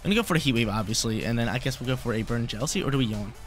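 Fast-talking man commentating his own game. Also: medium pitch, soft background music. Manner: excitable, repeats himself, slangy. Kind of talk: casual play-by-play of an online battle.

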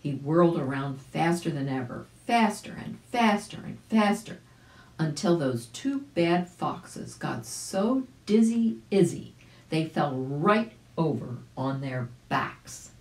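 A woman reading a children's story aloud as a volunteer reader, gentle, with small asides. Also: low-pitched, expressive, slow pace, echoey room, low-quality recording. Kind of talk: audiobook read-aloud for children.

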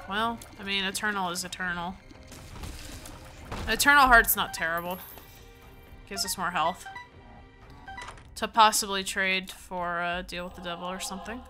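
A woman's voice: mid-range voice, sharp tone. Sleepy woman rambling over gameplay. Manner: rambling, thinks aloud, reads item names. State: sleepy, yawning. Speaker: gaming let's play host. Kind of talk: casual gameplay commentary.

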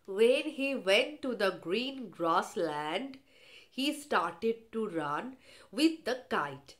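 A woman's voice: medium pitch, expressive, very slow. A woman teacher reading a children's story aloud, retelling each line and explaining words in simple terms.

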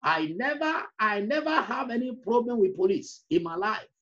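A man's voice: high-pitched, sing-song, normal speed, fairly bright tone, lo-fi sound. A man preaching an emotional personal testimony, repeating phrases and breaking into song. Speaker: evangelist.

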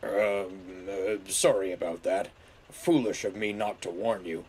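A man voicing a grumpy, gruff male steamroller who talks in a sullen, snorting way. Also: low-pitched, fairly even intonation, a little slow, a little hiss or hum. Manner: sullen, snorting, dark chuckle.

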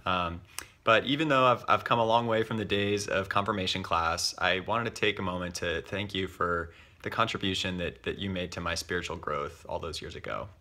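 A man's voice: deep voice, a little fast, sharp tone. A young adult man recording a sincere video greeting to his former pastor.

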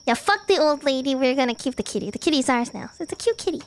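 A young adult woman streaming a game, talking in a casual, playful and animated way and swearing freely. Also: high voice, fast talker.

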